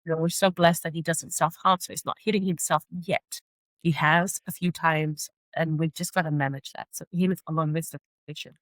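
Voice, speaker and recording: A mother speaking earnestly as a podcast guest, reflective and frank, at times echoing questions in a higher voice. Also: steady tone, a little fast. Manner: earnest, reflective, often acts out her son's repeated questions in a higher voice. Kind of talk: candid interview conversation.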